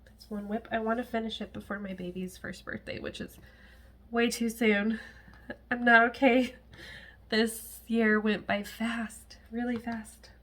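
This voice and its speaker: A woman's voice: fairly high pitch, flat delivery, unhurried. A woman chatting casually to camera at home as a cross-stitch vlogger, rambling with frequent laughs and asides.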